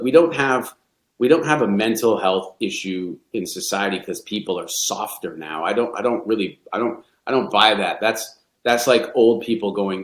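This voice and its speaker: A middle-aged man, a golf coach, speaking candidly and reflectively in a podcast interview, often restarting his sentences. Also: lowish voice. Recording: roomy echo.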